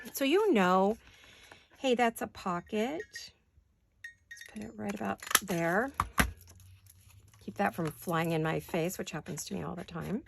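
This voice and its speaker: A woman's voice: mid-range voice, vocal fry, noisy background. A woman chatting casually to her viewers while crafting in her home studio, thinking aloud and laughing easily. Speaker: paper craft vlogger. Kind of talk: casual crafting chat to camera.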